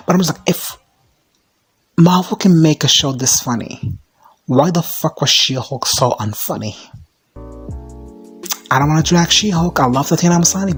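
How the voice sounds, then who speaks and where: A man giving a casual, profane recap of a TV episode, chatty and quick to laugh. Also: mid-range voice, a bit bright. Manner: chatty, laughs often, swears freely. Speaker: recap commentator.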